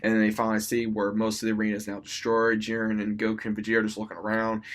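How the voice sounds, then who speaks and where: A man's voice: fairly low pitch, monotone, very fast. A young man casually retelling an episode as its reviewer, enthusiastic, rambling, with many restarts and constant "he says". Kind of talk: casual recap.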